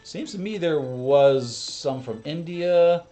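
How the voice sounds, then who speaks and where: A man's voice: fairly high pitch, lively intonation, slow, mellow, faint music behind. An American man chatting casually as he watches drone footage with his viewers, rambling through asides and chuckles. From United States. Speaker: channel host. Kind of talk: casual reaction commentary.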